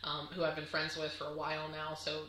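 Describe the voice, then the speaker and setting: A woman's voice: low-pitched, monotone, brisk, pushed and bright, reverberant, poor audio. A woman chatting casually to camera on her crafting vlog, gushing and chatty with lots of fillers. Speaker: crafting vlogger.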